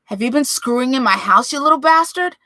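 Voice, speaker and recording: A woman's voice: lowish voice, fairly even intonation, normal speed, fairly bright tone, no room sound, clean studio sound, close to an everyday voice. A woman playing a blustering middle-aged father. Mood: bellowing.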